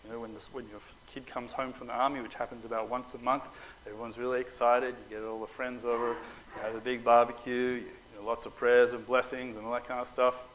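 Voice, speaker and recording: A middle-aged man telling personal stories to an audience at a Bible school, animated and joking, acting out the quotes. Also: mid-range voice, quick pace, a little hiss or hum, poor audio. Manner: animated storyteller, acts out quotes, joking asides. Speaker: preacher. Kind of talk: storytelling talk to an audience.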